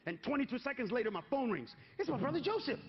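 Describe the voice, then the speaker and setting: A male stand-up comedian performing an animated set on stage, shouting his punchlines. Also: very high voice, fast. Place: comedy stage before a live audience. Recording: dull live stage recording, audience noise.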